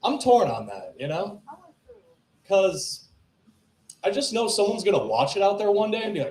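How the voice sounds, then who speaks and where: A man's voice: sits high, big pitch swings, normal speed, long pauses, darkish tone. A man doing a loose, improvised stand-up set, chatting with the crowd at an open mic. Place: small comedy club stage. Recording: echoey club room.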